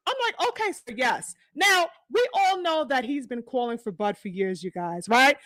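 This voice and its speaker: Female host, high lively voice, slangy casual boxing talk, dry close sound. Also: moderate pace, no echo. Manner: animated, slangy, mimics fighters' quotes, laughs often. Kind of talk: casual chat.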